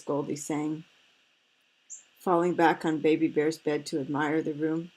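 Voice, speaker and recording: A woman reading a picture book aloud, stopping for gentle, fretful asides. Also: deep voice, level tone, a little slow, long pauses, poor audio. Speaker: storyteller.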